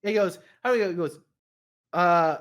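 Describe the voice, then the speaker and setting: A man's voice: sits high, lively intonation, normal speed, fairly bright tone, lo-fi sound. A man narrating a tabletop role-playing game as game master, rambling with many fillers and restarts.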